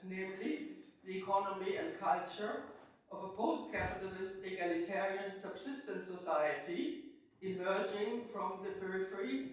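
An older woman with a German accent, reading a prepared lecture in a deliberate manner at a conference. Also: medium pitch. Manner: deliberate, with short self-deprecating laughs. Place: conference hall. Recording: echoey hall from far off, faint noise.

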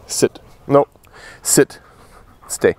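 A low-pitched man talks unhurriedly through a dog-training session outdoors. His voice moves up and down a lot as he switches between short firm commands and easy chatty asides. It sounds like a casual training vlog. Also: a little hiss or hum.

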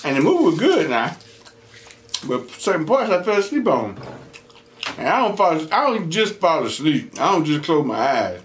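A young man hosts a mukbang eating show at home, casually telling stories between bites. He's animated, laughs often, and acts out what others said. His voice is a little high at a moderate pace, with a bit of hiss or hum in the audio.

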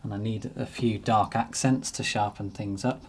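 Husky low-voiced man teaching painting. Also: moderate pace. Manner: relaxed, thinking aloud while painting. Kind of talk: painting demonstration narration.

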